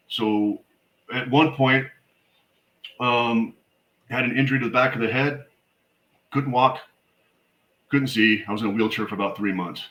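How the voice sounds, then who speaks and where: A man's voice: lowish voice, a bit bright, roomy sound, rough recording. A middle-aged man, a military veteran and suicide prevention educator, telling stories in a blunt, emphatic way as an interview guest. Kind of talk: conversational podcast interview.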